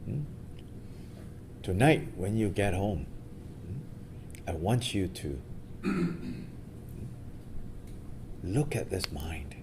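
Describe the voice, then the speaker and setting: Man doing a kindly old wandering sage, gentle questions, slow, gravelly. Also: lowish voice, very animated, noisy background, exaggerated voice. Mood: reflective.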